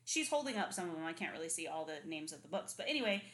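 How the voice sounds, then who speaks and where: A woman co-hosting a podcast in casual chat, slangy and quick to laugh, recorded at home. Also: sits low, very animated, fairly bright tone. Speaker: podcast co-host. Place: home room, people outside. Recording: roomy echo.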